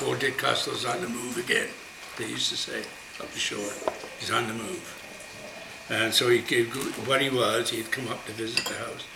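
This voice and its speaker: A man telling a ghost story to visitors in a casual, animated way, acting out the voices he quotes. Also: mid-range voice, gravelly, background noise. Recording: echoey room, loud dish clatter. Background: clattering dishes and cutlery.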